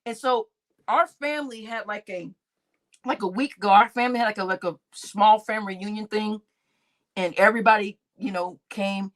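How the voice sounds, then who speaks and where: A woman's voice: mid-range voice, normal speed, a bit bright. A middle-aged woman chatting on a live stream, reading out chat names, laughing often and swearing freely.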